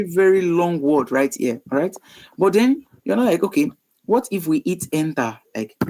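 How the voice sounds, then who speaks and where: A man's voice: medium pitch, dark tone, low-quality recording. A man teaching web coding in a screen-recorded tutorial, chatty and thinking aloud with frequent ums and self-corrections.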